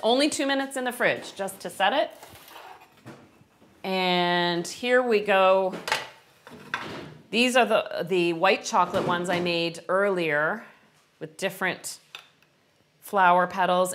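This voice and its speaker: A woman's voice: mid-range voice, a bit bright. Chatty woman teaching a baking class. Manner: friendly, chatty, answers viewer questions. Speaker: baking instructor. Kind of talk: live-stream cooking lesson.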